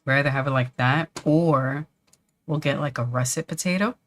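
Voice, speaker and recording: A woman's voice: rumbling low, moderate pace. A woman hosting a livestream, chatting casually and reading out viewer comments. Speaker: livestream host.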